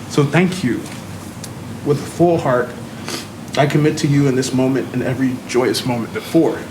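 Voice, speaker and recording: A man, the groom, reciting his wedding vows at a ceremony, earnest and heartfelt. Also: mid-range voice. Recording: noisy background.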